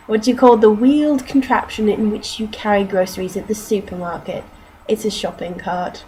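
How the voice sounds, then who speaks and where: A young British woman with a patchwork accent, mostly southern English with northern and Canadian traces, talking in a relaxed, self-mocking vlog. She speaks at an unhurried, slow pace, and her voice sits at an ordinary middle pitch. A faint room hum runs underneath. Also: low-quality recording. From North Yorkshire, England. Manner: chatty and self-mocking, drops in mild swearing. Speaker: vlogger. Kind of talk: casual accent-challenge vlog, reading word lists aloud.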